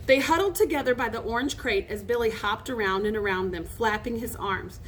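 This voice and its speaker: A woman reading a children's novel aloud in an expressive, lively way. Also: fairly high pitch, a little fast, hardly any pauses, a little hiss or hum. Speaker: storybook reader.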